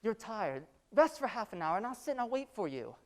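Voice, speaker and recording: A woman's voice: mid-range voice, big pitch swings, fairly quick, in a large hall, close to an everyday voice. A woman playing a complacent, pedantic middle-aged male schoolteacher in an amateur stage drama.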